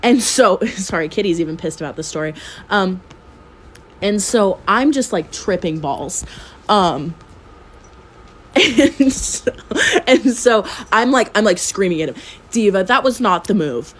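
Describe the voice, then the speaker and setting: A woman's voice: mid-range voice, animated, a little slow, long pauses, a little hiss or hum. A very tired young woman at home telling a messy personal story in casual chat, swearing freely and laughing often. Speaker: storytime vlogger. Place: at home with her cat.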